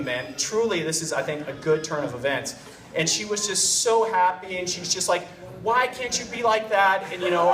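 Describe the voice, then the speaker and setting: A man's voice: fairly high pitch, a bit bright. A man giving a rambling, joking wedding toast as the bride's uncle, heard from a distant microphone in a reception room. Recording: roomy and distant with clear room noise.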